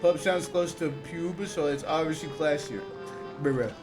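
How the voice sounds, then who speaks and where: A man's voice: a little high, unhurried. Slangy young man streaming over game music. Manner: animated, slangy, reacting aloud to chat and the game. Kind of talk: live gameplay commentary.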